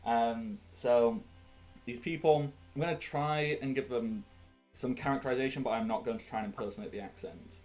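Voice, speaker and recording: A man's voice: mid-range voice, moderate pace, darkish tone, soft background music. A man, rambling and laughing as he chats while running a tabletop game. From England (Sheffield). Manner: rambling, chatty, laughs often. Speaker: game master. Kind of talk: casual chat at a tabletop game.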